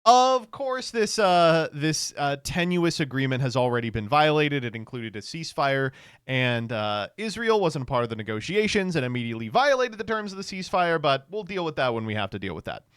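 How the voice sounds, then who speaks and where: Sarcastic man with a smooth voice. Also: fairly high pitch, very animated, brisk, fairly bright tone, dry recording, studio quality. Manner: sarcastic, profane, stammering restarts. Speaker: streamer and political commentator. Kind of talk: casual live-stream commentary.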